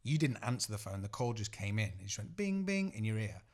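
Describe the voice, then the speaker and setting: A young adult man co-hosting a podcast, telling lively, profanity-laden anecdotes. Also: on the low side, fairly quick. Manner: swearing, animated anecdote-teller. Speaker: podcast co-host. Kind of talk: casual podcast chat.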